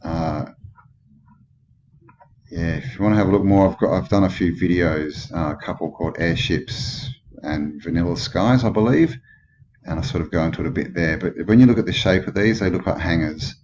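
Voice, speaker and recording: A deep-voiced Australian man rambles through a commentary on old photos, thinking aloud and asking skeptical questions. The recording sounds dull and lo-fi, with steady noise clearly audible behind him. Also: normal speed. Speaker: channel host.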